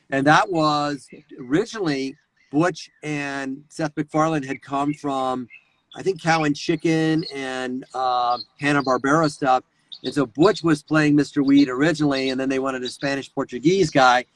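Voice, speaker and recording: A man talking as a guest voice actor in a casual interview, animated and quick to slip into voices. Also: fairly high pitch, low-quality recording.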